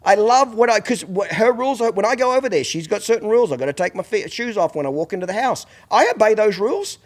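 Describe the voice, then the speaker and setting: A man's voice: sits high, lively intonation, quick pace. A middle-aged man hosting a podcast, telling blunt, profane stories in casual chat. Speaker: podcast host.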